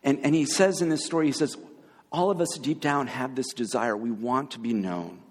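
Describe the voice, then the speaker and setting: A pastor preaching in a reverberant hall. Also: male voice, medium pitch, breathy edge. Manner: conversational, pauses with fillers and restarts. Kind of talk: sermon.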